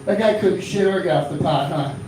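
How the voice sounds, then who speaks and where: A man's voice: sits high, a little fast, heavy background noise. Rambling man doing stand-up. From Florida. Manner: rambling, with filler words and restarts. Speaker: stand-up comedian. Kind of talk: stand-up comedy set. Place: small comedy club. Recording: echoey club from a distant mic.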